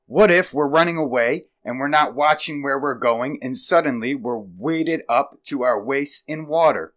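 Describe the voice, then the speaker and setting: A man's voice: medium pitch, moderate pace, a bit bright, voice pushed up, close to an everyday voice. A man voicing a worried female wombat in a children's story, wailing anxious questions.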